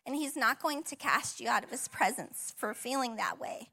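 A woman's voice: on the high side, animated, normal speed, gravelly. A woman in her thirties, a pastor giving a personal testimony sermon in a church, conversational, emotional and encouraging. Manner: emotional, tearful at times, warm and encouraging; conversational with frequent fillers and laughs. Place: church auditorium.

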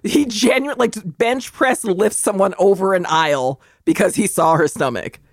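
A woman's voice: medium pitch, moderate pace, dry recording, clean studio sound. A woman in her forties co-hosting a podcast, chatting casually about movies with wry, sarcastic asides. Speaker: podcast co-host.

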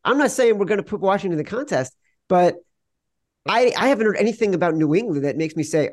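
A man's voice: high voice, animated, fast, no echo, clean studio sound. A man co-hosting a sports betting podcast, arguing his picks in a wry, insistent way. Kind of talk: casual sports betting debate.

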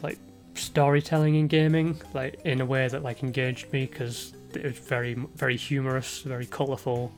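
Chatty man with a sore throat. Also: medium pitch. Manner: laughs often, lots of fillers. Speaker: podcast host. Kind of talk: casual chat.

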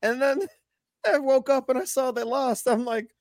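A man's voice: very high-pitched, fairly even intonation, moderate pace, no echo. A man co-hosting a casual sports podcast, telling rambling stories and swearing freely. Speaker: podcast co-host. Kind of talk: casual chat.

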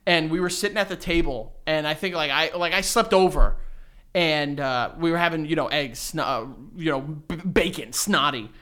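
A man's voice: a little high, moderate pace, sharp tone. A man in his twenties co-hosting a podcast, telling stories loosely with lots of swearing and fillers. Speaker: podcast co-host. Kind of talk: casual chat.

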